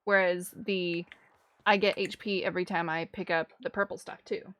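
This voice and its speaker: A woman's voice: lowish voice, fairly even intonation, normal speed, a bit bright, no room sound. A woman streaming a video game in casual chat, thinking aloud and reading out game text. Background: game music.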